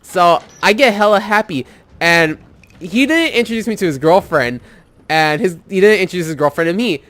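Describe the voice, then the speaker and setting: A man's voice: high voice, expressive, normal speed, a bit bright. A young man casually telling a rambling story over gameplay, swearing often and filling with "like". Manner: rambling, swears a lot, heavy use of "like". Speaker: gaming video host.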